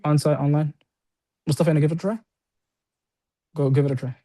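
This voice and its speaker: A man teaching an Arabic class, talking fast in a slightly high voice. He keeps checking in with his students as he explains each example. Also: fairly even intonation, dark tone. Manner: quick, repetitive explaining with many checks like "right?". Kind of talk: classroom lesson. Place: classroom with students on-site and online.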